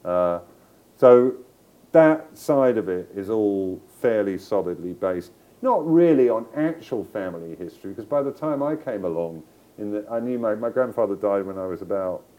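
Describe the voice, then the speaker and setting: A man's voice: lowish voice, expressive, moderate pace, dull audio. A middle-aged male novelist in a book club conversation, telling stories in a discursive way, with digressions and restarts. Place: live event before an audience.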